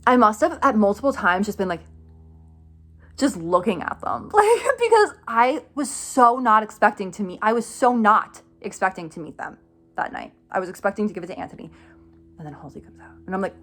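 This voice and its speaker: A young woman casually telling a story to her camera, excited and rambling, full of fillers and quick laughs. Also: mid-range voice. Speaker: vlogger telling a fan story.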